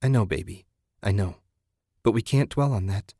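A man's voice: lowish voice, moderate pace, creaky, dark tone, slightly rough, dry recording, studio quality. A man voicing a desperate husband who hollers and pants as he fights. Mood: urgent. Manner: hollering, panting.

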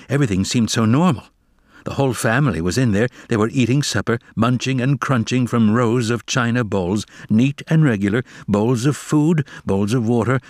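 A man reading a children's novel aloud as narrator, with expressive, dramatic storytelling. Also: mid-range voice, no room sound, clean studio sound.

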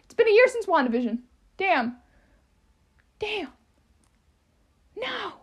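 A young woman with a high, squeaky voice hosting her own podcast, rambling casually with lots of "um" and "like" and self-deprecating asides. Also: fairly bright tone. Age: young adult. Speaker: podcast host.

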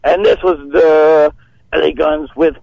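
Man, high voice, excitable and rambling, calling from outside a concert, dull lo-fi phone line. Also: a little slow, creaky. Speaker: caller. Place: outdoors leaving a concert.

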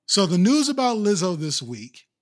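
A man's voice: sits high, very animated, normal speed. A man co-hosting a podcast, chatting casually and profanely, often acting out quotes in mocking voices. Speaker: podcast co-host. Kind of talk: casual comedic chat.

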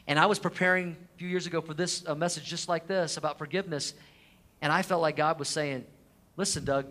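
A middle-aged man as pastor, preaching a sermon and telling a personal story earnestly, his voice dropping soft at the tender moments. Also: on the high side. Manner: earnest personal storytelling, drops to a soft hush at emotional points.

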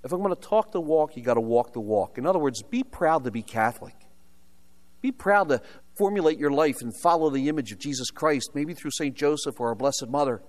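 An older American man preaches a sermon in a fairly high, animated voice at a brisk pace, recounting his own story with humorous asides and rhetorical questions.

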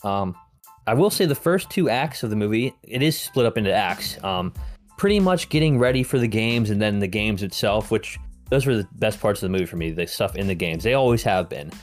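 Give me a man co-hosting a movie podcast, loose and rambling, with soft music under him. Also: fairly low pitch, expressive, fairly quick. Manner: rambling, filler-heavy and profane. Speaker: podcast co-host reviewing films. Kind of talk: casual chat.

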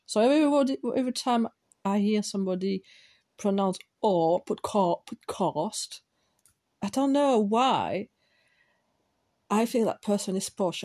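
French woman, English as second language, warm darker voice, rambling self-deprecating solo podcast talk. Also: mid-range voice. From France. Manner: digressive, self-deprecating, thinking aloud. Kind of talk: casual rambling monologue.

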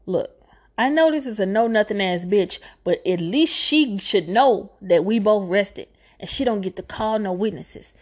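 A woman's voice: medium pitch, unhurried, lightly acted. A woman voicing a blunt male prosecutor who talks crudely and dismissively.

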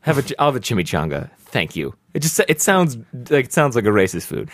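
A man's voice: mid-range voice, very animated, fast, fairly bright tone, no room sound. A man chatting casually over lunch, rambling and stammering as he jokes about his order. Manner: rambling, stammering, self-mocking.

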